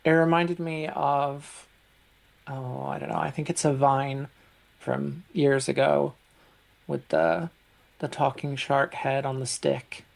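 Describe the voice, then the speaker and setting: A man's voice: mid-range voice, steady tone, slow, creaky. A man co-hosting a casual film review podcast, laid-back and a little hesitant.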